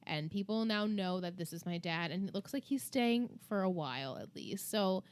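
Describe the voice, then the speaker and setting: A woman's voice: medium pitch, animated, normal speed, clear, resonant tone. Woman, Long Island accent, podcast co-host, casual chat, chatty, giggly. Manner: chatty, laughs at her own jokes.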